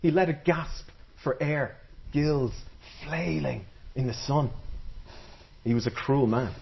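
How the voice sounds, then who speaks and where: At a live storytelling event, a male storyteller tells a folktale to an audience, dramatic and playful as he draws the crowd in. His medium-pitched voice is slow with vocal fry, and the sound is lo-fi.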